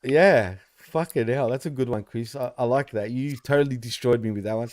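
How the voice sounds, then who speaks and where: A man's voice: mid-range voice, a little fast, a little mellow. A man co-hosting a casual wrestling podcast, swearing freely, teasing and laughing often. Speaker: podcast co-host.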